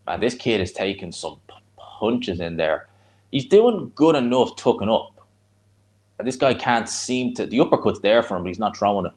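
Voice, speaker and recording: A man with a Dublin Irish accent talks in a slightly low voice as he reacts live to a boxing fight. He chats bluntly with his viewers in between, rambling from one point to the next in a relaxed, conversational way. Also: moderate pace. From Ireland. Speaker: streamer hosting a live watch-along. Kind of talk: casual live fight commentary and chat.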